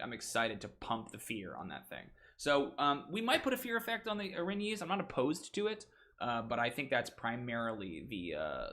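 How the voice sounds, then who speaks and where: A man's voice: medium pitch, a bit bright. A man hosting a casual livestream, thinking aloud about game monster stats with goofy asides. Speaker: stream host redesigning game monsters.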